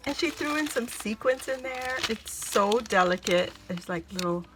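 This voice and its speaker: A woman gushing as she opens a crafty gift package, exclaiming and laughing breathlessly to her viewers. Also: a little high. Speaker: craft vlogger opening happy mail. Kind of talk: excited unboxing chat to camera.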